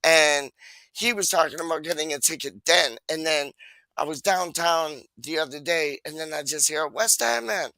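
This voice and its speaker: A man's voice: a little high, moderate pace, pushed and bright, dry recording. A man hosting a livestream in casual chat, rambling and repeating himself with lots of street slang. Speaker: livestream host.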